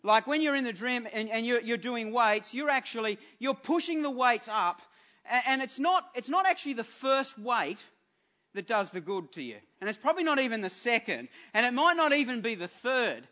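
A man's voice: very high-pitched, lively intonation, pushed and bright. A male pastor preaching a sermon in church, earnest and informal, often stumbling and restarting his phrases. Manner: earnest, halting with repeated restarts.

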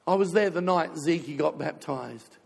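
A man's voice: on the high side, unhurried, gravelly, a little mellow, slightly rough, big-room sound. An older man preaching a sermon as a pastor, telling a heartfelt personal story in an emotional way, fighting back tears.

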